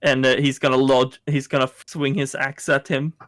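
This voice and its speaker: A man's voice: mid-range voice, flat delivery, a bit bright. A man playing a tabletop game, describing his character's actions in third person. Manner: slow casual talk, speaks for his character in third person. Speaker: player.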